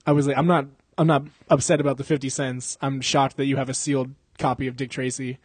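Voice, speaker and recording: This young man speaks a little fast at medium pitch, his voice slightly rough, as he hosts a podcast. His casual chat rambles, swears and breaks into laughter often, recorded dry.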